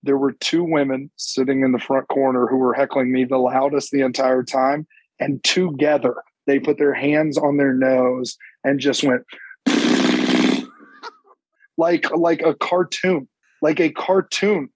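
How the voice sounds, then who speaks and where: A man's voice: mid-range voice, husky, dry recording, rough recording. A young man, a stand-up comedian telling stories in casual chat and acting out what people said. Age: young adult. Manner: animated, acts out quotes with quick bursts.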